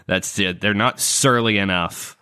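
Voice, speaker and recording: A man's voice: on the low side, a little slow, pushed and bright, smooth. A man playing in a tabletop game podcast, sharing wry, opinionated takes in casual chat. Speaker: player.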